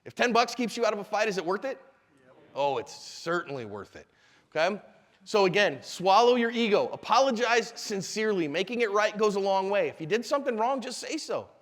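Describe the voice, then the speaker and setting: A man's voice: high voice, a little fast. A middle-aged man, a self-defense instructor, giving a live seminar talk and telling stories animatedly, acting out the people in them. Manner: animated storyteller, acts out quotes. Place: convention hall. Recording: echoey hall reverb.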